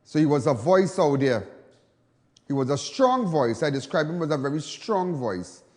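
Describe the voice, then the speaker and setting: A man's voice: a little high, big pitch swings, moderate pace, a little mellow, long reverb tail. A Trinidadian man hosting live television talk, emphatic, repetitive and defiant. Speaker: TV host.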